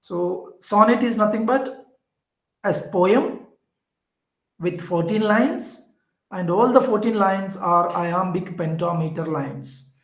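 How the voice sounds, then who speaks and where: A man with an Indian English accent teaching an online class, explaining slowly and repeating key points with fillers. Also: sits high. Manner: slow, repetitive explaining with fillers. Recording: echoey room.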